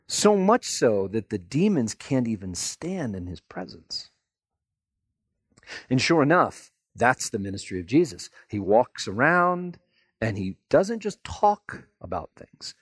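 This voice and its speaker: Animated husky-voiced male preacher. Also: mid-range voice, no echo, clean studio sound. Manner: animated storytelling, acts out voices. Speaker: pastor. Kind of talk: sermon.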